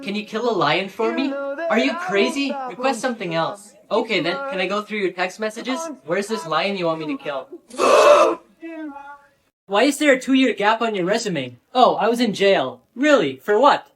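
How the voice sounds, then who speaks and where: A man from San Diego performing short comedy skits, playing every part with sarcastic deadpan comebacks. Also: high-pitched, fairly quick, hardly any pauses. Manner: sarcastic deadpan comebacks, switching between characters. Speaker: comedy creator.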